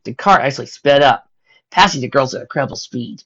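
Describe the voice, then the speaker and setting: A woman's voice: a bass voice, brisk, fairly bright tone, slightly rough, muffled recording. A woman reading a fan story aloud in plain narration, with small slips. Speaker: reader of fan fiction.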